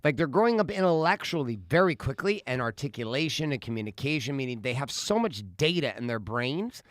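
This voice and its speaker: A man's voice: mid-range voice, sing-song, a little fast, no room sound, studio quality. A middle-aged man co-hosting a podcast with his wife, chatting casually and cracking jokes as he talks over her. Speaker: podcast co-host. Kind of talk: casual chat. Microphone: studio microphone.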